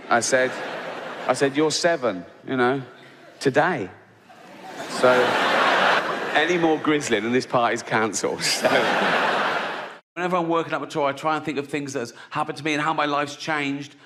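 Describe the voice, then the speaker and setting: A middle-aged man from Reading, England, speaking with a Reading accent, doing an animated stand-up routine full of swearing and acted-out voices. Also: fairly high pitch, normal speed, long pauses, very noisy. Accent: English, Reading. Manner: animated, swearing, acts out voices in his stories. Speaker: stand-up comedian. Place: theatre stage. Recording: live stage recording in a large reverberant hall. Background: audience laughter.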